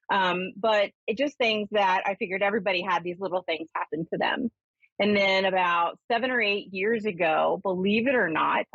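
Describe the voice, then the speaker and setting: A woman, hosting a radio show as a medium, telling her story casually and giving readings in an animated way. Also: on the low side, no room sound. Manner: animated, acts out voices when retelling. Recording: slightly dull lo-fi radio sound.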